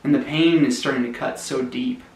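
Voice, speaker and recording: A man telling a long, absurd joke story in a deadpan, mock-tragic way, sometimes trailing off quietly. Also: medium pitch, normal speed, reverberant, poor audio. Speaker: comedy storyteller.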